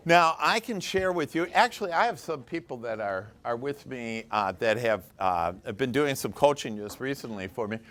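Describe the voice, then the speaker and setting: A man's voice: mid-range voice, animated, normal speed, hardly any pauses, a bit bright. A man leading a live motivational workshop as coach, talking to a small group in an enthusiastic, chatty way and laughing often.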